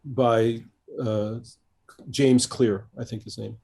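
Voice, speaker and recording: An older American man speaks in a warm, mellow tone as a guest in an interview. He talks reflectively and often pauses on fillers and restarts his sentences. He is a seasoned coach. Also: mid-range voice, level tone, creaky, husky. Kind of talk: conversational interview.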